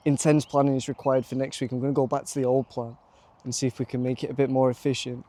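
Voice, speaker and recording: A young Lancashire man talks straight into a handheld camera in a casual, excitable vlog. His voice sits at an ordinary middle pitch, and he keeps calling the viewer mate. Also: fast talker. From North West England. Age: young adult. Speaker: vlogger pitching to bars.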